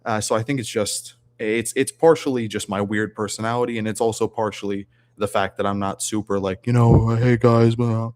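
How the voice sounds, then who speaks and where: Man, low voice, casual livestream chat, rambling, fillers. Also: steady tone, fairly quick, hardly any pauses, a little mellow. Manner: rambling, many fillers and restarts. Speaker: guest streamer.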